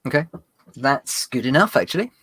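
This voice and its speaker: Guy running a tabletop game, bright lowish voice, ums and restarts everywhere, dry sound. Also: sing-song, moderate pace, husky, no room sound. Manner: rambling, many fillers and restarts. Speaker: game master.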